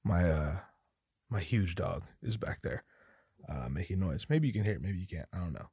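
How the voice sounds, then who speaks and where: A man's voice: deep voice, animated, moderate pace, warm tone, breathy edge, no echo. A man in his thirties hosting a solo podcast, rambling and joking with lots of profanity and self-mockery, recorded on a studio microphone at home. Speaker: podcast host. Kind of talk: solo casual podcast monologue. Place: home room with a dog nearby.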